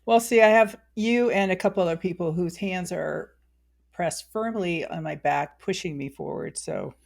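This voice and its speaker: Female podcast host, low-pitched, gravelly edge, conversational and thoughtful. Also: normal speed, darkish tone. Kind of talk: casual interview chat.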